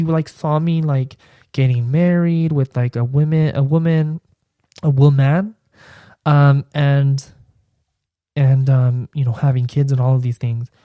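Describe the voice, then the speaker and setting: Chatty young man, mellow voice. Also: medium pitch, dry recording, studio quality. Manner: chatty, constant "like" fillers. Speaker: podcast host. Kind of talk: casual personal storytelling.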